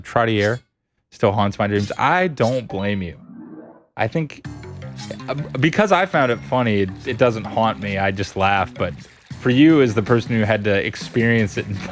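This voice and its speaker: A man streaming a platform game, chatting casually with his viewers and laughing often. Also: lowish voice. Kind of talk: casual gameplay chat with chat readers.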